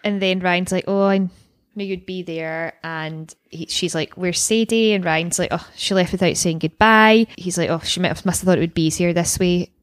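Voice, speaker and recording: A woman's voice: fairly low pitch, moderate pace, no room sound. Young woman, casual podcast chat, swears a lot, dry close sound. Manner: chatty, swears freely, acts out quotes. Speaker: podcast co-host. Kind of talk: casual chat recapping a TV episode.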